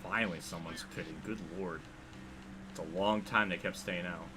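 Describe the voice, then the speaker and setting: A man's voice: deep voice, steady tone, moderate pace, noisy background. A man with a Pennsylvania accent giving live commentary while streaming a racing game, rambling and self-deprecating as he reacts to chat.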